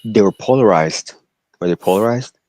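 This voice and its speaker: A man with a somewhat low voice chats casually, asking curious questions about what he hears. The recording is dry with little room sound. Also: moderate pace, darkish tone, no echo. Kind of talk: casual chat.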